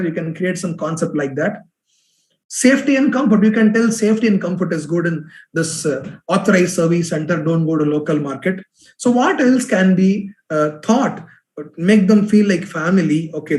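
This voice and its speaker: A man, a business storytelling trainer giving an online workshop talk, animated and repeating words for emphasis. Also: high voice, normal speed. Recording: echoey room.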